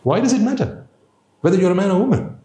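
A man's voice: high-pitched, animated, quick pace, warm tone, roomy sound. A man giving an informal Buddhist dharma talk, conversational and playful, full of rhetorical questions. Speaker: Buddhist teacher.

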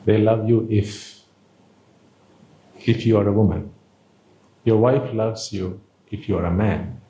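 A man's voice: fairly low pitch, steady tone, takes it slowly, warm tone, echoey room. A man giving an informal Buddhist dharma talk, conversational and playful, full of rhetorical questions. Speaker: Buddhist teacher.

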